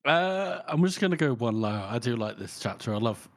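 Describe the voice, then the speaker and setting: A man's voice: medium pitch, big pitch swings, normal speed. A young man co-hosting a podcast, chatting in a laid-back way with casual swearing. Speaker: podcast co-host. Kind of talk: casual chat.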